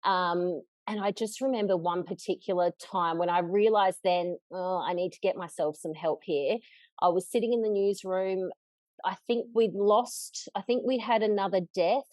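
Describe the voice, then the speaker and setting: A woman in her thirties with an Australian accent, a journalist chatting casually as a podcast guest in a relaxed, easygoing way. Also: on the low side, normal speed, no room sound. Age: 30s.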